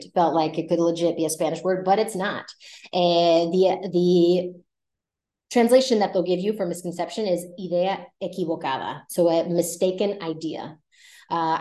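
Relaxed, low-pitched woman teaching vocabulary. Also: roomy sound. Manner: relaxed, explains with many fillers and restarts. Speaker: Spanish teacher and podcast host. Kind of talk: casual explanatory lesson.

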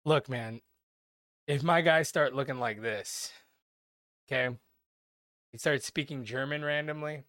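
A man's voice: medium pitch, unhurried, long pauses, fairly bright tone, dry recording, studio quality. A man co-hosting a podcast, rambling and swearing through casual banter and laughing a lot. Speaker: podcast co-host.

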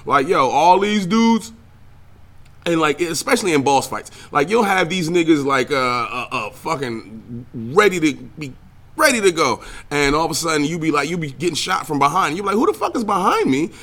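Speaking at a moderate pace in a slightly high voice, a young man rants on his own podcast about video games and news stories. The casual solo talk is profane and animated, with lots of trailing filler words from this host and streamer.

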